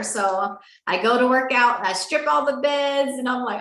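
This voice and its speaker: A woman's voice: on the high side, normal speed. A woman telling an emotional personal story, acting out the dialogue as she goes. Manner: animated, acts out quoted dialogue. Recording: roomy echo.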